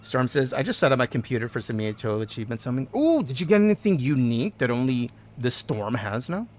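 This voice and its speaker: Speaking fast at a medium pitch into a desk microphone, a man streams a video game and chats casually with viewers. He jokes, greets chat, reads out messages, hums to himself and yells when excited.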